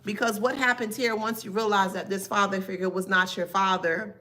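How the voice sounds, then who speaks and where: A woman's voice: medium pitch, fairly even intonation, brisk, bright, forceful tone. A woman doing a live tarot reading who talks to her chat in a sassy, emphatic way and laughs often. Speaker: tarot reader.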